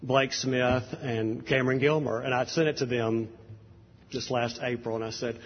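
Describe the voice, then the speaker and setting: A man's voice: mid-range voice, steady tone, normal speed. A man preaching a sermon in a conversational, anecdotal way, with frequent fillers and restarts. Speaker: pastor. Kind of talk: sermon introduction. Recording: dull audio in a reverberant hall.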